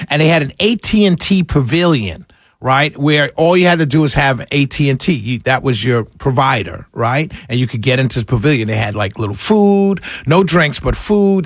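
A man's voice: a little high, no echo, studio quality. A man from New York City, hosting a casual monologue and chatting through a story with lots of fillers and restarts.

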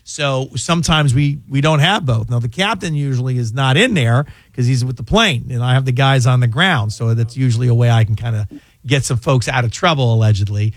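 A man hosts a call-in radio show from the studio, chatty and given to storytelling with jokey asides. His voice sits at an ordinary middle pitch. The sound is close and dry, with no room echo. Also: fairly quick. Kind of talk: casual radio call-in talk.

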